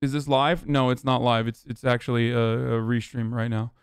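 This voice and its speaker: Despite a flat delivery, this man's clear, resonant voice carries a heated, rapid rant of livestream political commentary, recorded in a clean studio with no echo. Swearing freely, he mocks his chat using a sarcastic high voice.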